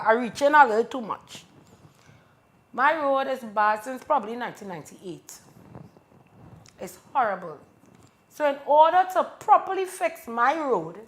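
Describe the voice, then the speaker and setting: A woman's voice: fairly high pitch, a bit bright. A Trinidadian woman speaking up for her community, insistent and pleading in strong local dialect. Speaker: community advocate. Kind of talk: passionate street talk.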